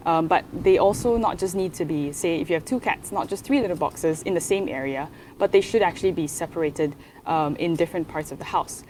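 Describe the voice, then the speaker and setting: Low-voiced woman vet explaining. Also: darkish tone, a little hiss or hum. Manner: measured, explanatory, frequent "um". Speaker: veterinarian. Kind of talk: explaining pet care.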